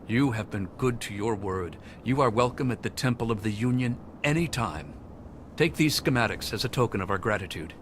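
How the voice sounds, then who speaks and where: A man's voice: on the low side, lively intonation, a little fast, background noise, lightly acted. A man playing a solemn wasteland leader. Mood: grateful. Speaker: game character.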